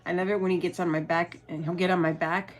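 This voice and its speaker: A woman's voice: fairly low pitch, level tone, quick pace. A woman vlogging at home with her dog. She chats in a rambling, giggly way and uses lots of fillers. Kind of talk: casual livestream chat.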